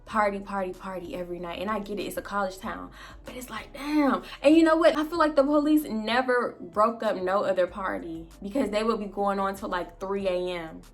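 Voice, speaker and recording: A young woman vlogger casually telling a story to her viewers, animated and slangy, swearing freely. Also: medium pitch, a little fast.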